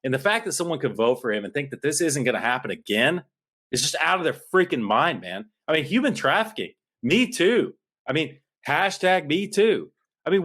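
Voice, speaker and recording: A man's voice: a little high, fairly bright tone. A man co-hosting a podcast, ranting in a heated, worked-up way into a studio mic. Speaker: podcast co-host. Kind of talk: political podcast rant.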